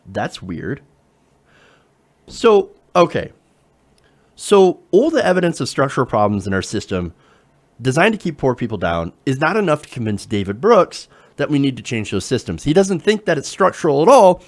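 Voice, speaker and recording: A young man with a medium-pitched, sing-song voice runs a political commentary show at a moderate pace. He sounds sarcastic and disbelieving as he curses his way through an opinionated rant about the news.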